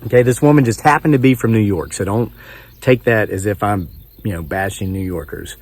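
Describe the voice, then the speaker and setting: A man's voice: lowish voice, a little fast, a little mellow. A man in his forties from West Virginia, talking outdoors to his channel in a rambling, chuckling, self-mocking way. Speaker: homesteading vlogger. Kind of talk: rambling storytelling to camera.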